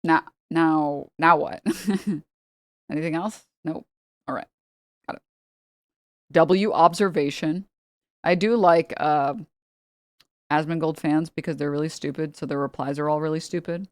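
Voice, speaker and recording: A woman's voice: low voice, fairly even intonation, measured pace, pauses often, no room sound, studio quality. A woman streamer chatting casually and mocking her subject with sarcasm. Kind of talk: casual chat.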